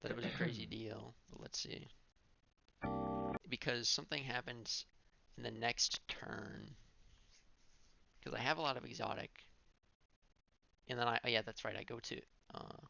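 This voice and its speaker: Gravelly male streamer thinking aloud. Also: medium pitch, fairly even intonation, a little slow, long pauses, bright, forceful tone, muffled recording, slight background noise. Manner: thinking aloud, self-correcting. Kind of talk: gameplay commentary.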